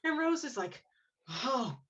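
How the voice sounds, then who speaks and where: A fairly high-voiced woman tells stories with real animation and acts out every line she quotes. She talks casually as a guest on a romance authors' podcast panel. Her audio is dull and lo-fi. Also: sing-song, takes it slowly, fairly bright tone.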